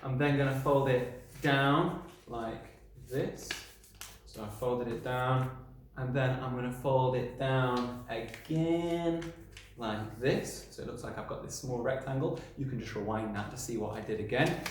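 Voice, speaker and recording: A man's voice: mid-range voice, unhurried, slight background noise. A man teaching young children in a recorded lesson. He talks in a friendly, encouraging way, explains step by step as he draws and often checks in with "okay?". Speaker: primary school teacher. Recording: very echoey room.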